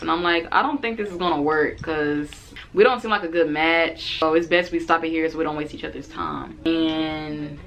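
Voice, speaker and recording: Animated young woman telling a date story. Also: low voice, moderate pace, few pauses, noisy background. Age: 20s. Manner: animated, acts out both sides of the date in quotes. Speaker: vlogger. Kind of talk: casual storytelling to camera.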